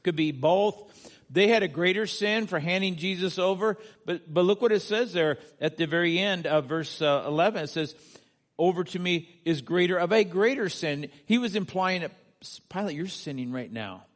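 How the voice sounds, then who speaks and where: A man preaching a sermon, with a voice that sits a little higher than most men's. He speaks earnestly, climbs to emphatic peaks and turns questions back to the congregation. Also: normal speed. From United States. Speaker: pastor.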